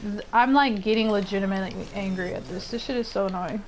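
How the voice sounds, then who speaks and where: A young woman streams a game, chatting casually and excitably as she exclaims and rambles through her play. She talks fast at a medium pitch, with background noise in the recording.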